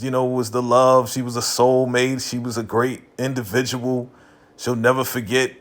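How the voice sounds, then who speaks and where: A man's voice: mid-range voice, a bit bright. A man casually recapping a TV episode, talking loosely with lots of "you know" and "right?" and voicing the characters' lines as he goes. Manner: acts out characters' lines in quick asides. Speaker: TV recap vlogger.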